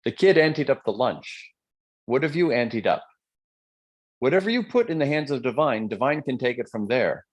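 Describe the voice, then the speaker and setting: A man giving a live-streamed motivational talk, joking and conversational, checking in with his audience with quick questions. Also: mid-range voice, lively intonation. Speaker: motivational speaker.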